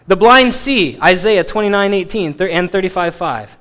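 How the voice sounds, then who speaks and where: A man teaching a Bible passage in a sermon, stressing key words emphatically and dropping to quiet asides. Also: high-pitched, animated, moderate pace. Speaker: preacher.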